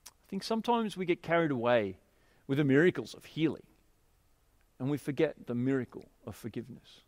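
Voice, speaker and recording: A man preaching a sermon, telling a scripture story and explaining it in an expressive, emphatic way. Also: mid-range voice, a little fast, no echo.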